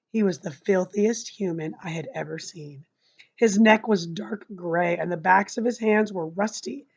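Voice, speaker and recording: A woman reading a novel aloud expressively, adding chatty asides to her listeners. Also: mid-range voice. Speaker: reader. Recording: dull lo-fi recording.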